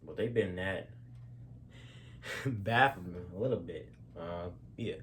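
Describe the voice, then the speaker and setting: A man tells stories in a loose, rambling style, packed with fillers, restarts and slang. His voice is low and fairly bright, his pace slow, and a little hiss or hum sits in the background.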